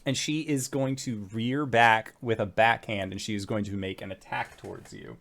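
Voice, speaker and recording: A man's voice: fairly low pitch, steady tone, moderate pace, gravelly, fairly bright tone. A man narrating as game master of a tabletop game, loose and full of fillers.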